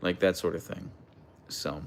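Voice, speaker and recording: A young man hosting a casual livestream, chatting and reading out viewer comments in a relaxed way. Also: sits low, measured pace. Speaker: livestream host reading chat. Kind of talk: casual live chat.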